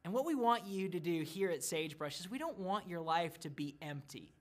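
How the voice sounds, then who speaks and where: A man's voice: high voice, brisk. Pastor in his thirties telling family stories. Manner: warm storytelling, animated about his family. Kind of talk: video message to church small groups.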